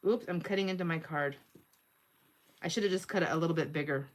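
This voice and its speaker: A woman in her sixties with a lowish voice talks fast while hosting a crafting livestream. She chats casually, giggles, and thinks aloud, narrating each step of her work.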